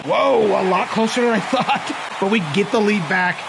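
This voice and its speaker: Excitable man calling his own game. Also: normal speed, vocal fry, background noise. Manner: excitable, groans and cheers at each pitch. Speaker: gaming channel host. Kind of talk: live gameplay commentary.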